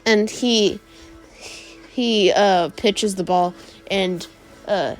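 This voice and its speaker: A woman's voice: mid-range voice, drawn-out words, soft background music. A woman improvising a comedic fan-fiction story, narrating in a rambling way with frequent fillers.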